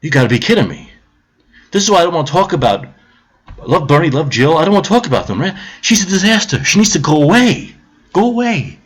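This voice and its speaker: A man's voice: fairly high pitch, very animated, brisk, husky. A man ranting on a live stream about politics, heated, sarcastic and profane, repeating his points.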